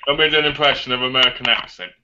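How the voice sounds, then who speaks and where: A man's voice: mid-range voice, fairly even intonation, racing, heavy background noise. An English man chatting and joking casually with friends, self-deprecating, on a dull lo-fi recording. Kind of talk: casual chat.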